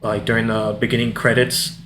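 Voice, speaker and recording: A man co-hosting a film podcast, recounting movie lines in a halting, casual way full of fillers. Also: lowish voice, little pitch movement, a bit bright, slight background noise. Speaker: podcast co-host.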